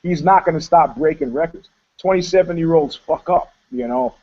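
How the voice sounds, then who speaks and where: Animated storytelling man, lo-fi sound. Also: fairly high pitch, moderate pace. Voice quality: animated, profane, laughing storyteller. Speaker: co-host. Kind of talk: casual storytelling chat. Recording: dull lo-fi sound.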